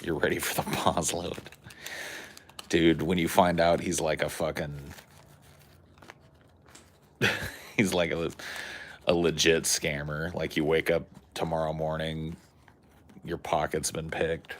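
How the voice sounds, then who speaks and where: A man's voice: a bass voice, level tone, takes it slowly, long pauses, a little hiss or hum. A man hosting a podcast in crude, rambling banter, cursing and saying "dude" and "like" a lot. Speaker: podcast host.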